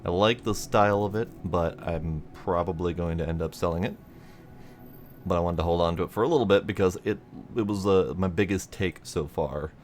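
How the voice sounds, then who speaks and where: Male let's-play host: low voice, loose and playful, thinks out loud. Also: fairly quick, slight background noise. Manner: playful, rambling, thinks aloud with fillers. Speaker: gaming video host. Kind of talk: casual let's-play commentary.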